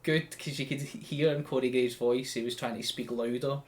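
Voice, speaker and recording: A man's voice: medium pitch, fairly even intonation, moderate pace, background noise. A man with a Scottish accent hosting a podcast, recapping a show in a chatty, joking way. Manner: chatty, loose and joking, with many restarts. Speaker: podcast host.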